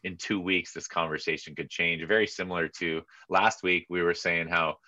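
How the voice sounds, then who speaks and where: Middle-aged male sports podcast co-host, deep and bright, chatty, lo-fi home recording. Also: normal speed, dry recording. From California. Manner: chatty, animated, jumps into squeaky mock voices. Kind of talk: casual sports chat. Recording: dull lo-fi mic sound.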